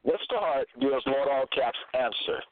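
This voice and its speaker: Slow male preacher over a tinny phone line. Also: mid-range voice, level tone. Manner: deliberate, repetitive, quotes verses with frequent "okay?" checks. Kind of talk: slow scripture teaching monologue.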